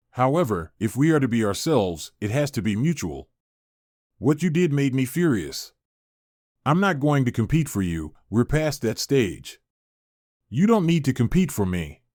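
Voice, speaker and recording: A man narrating a first-person relationship story in an earnest, measured way. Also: mid-range voice, a little mellow, no echo, clean studio sound.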